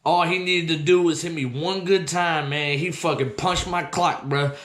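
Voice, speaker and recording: High-voiced profane storyteller man, roomy echo. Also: normal speed. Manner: profane, slangy, animated, acts out voices. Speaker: host. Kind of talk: comedic personal storytelling.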